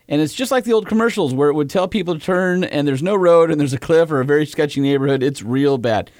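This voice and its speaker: A man's voice: fairly high pitch, fast, no echo, clean studio sound. A man co-hosting a podcast, chatting casually, laughing often and reading listener mail aloud. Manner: animated, laughs often, reads messages aloud. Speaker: podcast co-host.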